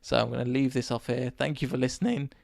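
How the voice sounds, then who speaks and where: A man from England, hosting a casual solo podcast and telling a rambling story while his voice is going hoarse. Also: medium pitch, quick pace, dry recording, clean studio sound. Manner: rambling, animated anecdote with acted quotes. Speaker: podcast host.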